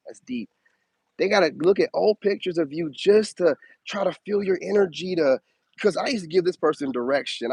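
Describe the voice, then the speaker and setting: Casting: animated male streamer, preachy, highish voice, close dry mic. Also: slightly rough, no room sound, low-quality recording. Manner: animated, preachy, swoops up high for emphasis. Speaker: spiritual advice streamer. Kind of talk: casual live-stream monologue.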